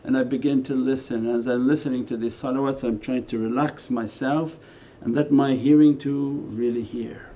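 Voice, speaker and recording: A Sufi teacher at a meditation center delivers a spiritual lecture in a mellow, unhurried, conversational way, mixing quiet asides with emphatic lines. His mid-range voice holds a steady tone, and a faint hiss runs beneath the recording.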